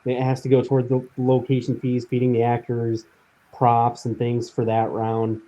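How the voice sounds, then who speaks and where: A man's voice: medium pitch, moderate pace, rough recording. A man and indie filmmaker talking plainly in a casual live chat, with frequent restarts. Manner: relaxed, matter-of-fact, talks in short restarts.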